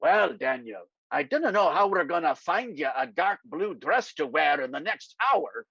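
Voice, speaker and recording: A man voicing a dry-witted older politician, gruff and sardonic. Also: on the high side, sing-song, moderate pace, bright, forceful tone, no room sound, heavily acted. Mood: wry, teasing. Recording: dry, slightly dull lo-fi sound.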